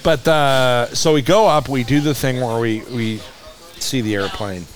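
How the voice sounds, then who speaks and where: A man who runs a museum, a podcast guest telling a lively story in a casual way, acting out what people said and laughing often. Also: mid-range voice, unhurried. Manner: animated, acts out dialogue, laughs often.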